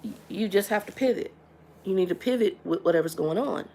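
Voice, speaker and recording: A woman's voice: mid-range voice, fairly quick, gravelly, warm tone, a little hiss or hum. A middle-aged woman hosting a casual livestream chat, frank and blunt, often stumbling and repeating words as she talks. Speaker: livestream host.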